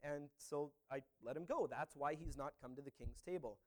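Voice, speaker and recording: A man's voice: a little high, normal speed, darkish tone, lightly acted. A man reading the lines of a loyal young prince, in an earnest, explanatory way.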